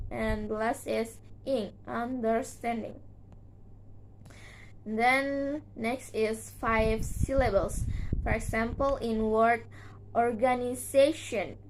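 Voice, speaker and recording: A young woman whose first language is Indonesian, giving a halting class presentation with many fillers and repeated words. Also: a little high, a little hiss or hum, poor audio. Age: young adult. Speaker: student presenter.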